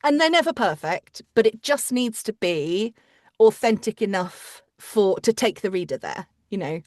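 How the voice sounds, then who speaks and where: A woman's voice: mid-range voice, expressive, a little mellow, no room sound. Chatty woman, dry close mic. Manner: chatty, quick asides and restarts. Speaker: audiobook narrator and coach. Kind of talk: casual interview chat.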